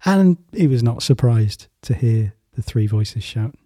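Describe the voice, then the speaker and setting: A man telling a children's story in a relaxed, rambling way, as a talk host. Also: mid-range voice, a little slow, no room sound, studio quality. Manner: relaxed, rambling with fillers and restarts.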